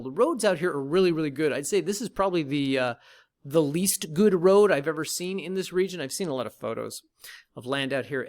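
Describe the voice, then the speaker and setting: Host, man, somewhat high voice, wry and chatty with viewers. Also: fairly bright tone. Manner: wry, joking asides, talks straight to viewers. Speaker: land company host. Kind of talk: casual sales vlog.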